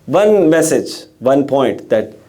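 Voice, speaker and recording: A middle-aged religious speaker takes his time, his warm, medium-pitched voice rising and falling in a sing-song way. He tells stories in a sermon at a gathering hall, asking rhetorical questions and restarting frequently.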